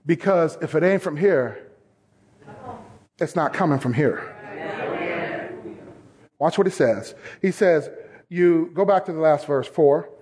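A man preaching a sermon, mixing scripture reading with direct, emphatic exhortation that swells into shouts. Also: a little high, slow pace, long pauses. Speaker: pastor.

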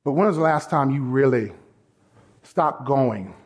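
A man preaching a sermon, mixing scripture reading with direct, emphatic exhortation that swells into shouts. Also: mid-range voice, lively intonation, a little slow. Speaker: pastor.

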